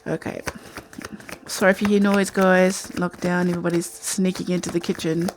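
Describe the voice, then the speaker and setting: A woman's voice: on the low side, little pitch movement, normal speed, noisy background. A woman giving a casual, rambling tarot reading from home at night, talking in a chatty, intuitive way. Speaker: tarot reader.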